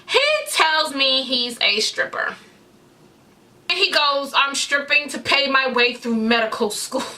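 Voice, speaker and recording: A woman tells a personal story straight to her viewers, candid and full of slang. Her voice sits on the high side and rings bright and forward. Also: unhurried. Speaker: vlogger. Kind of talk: casual storytime.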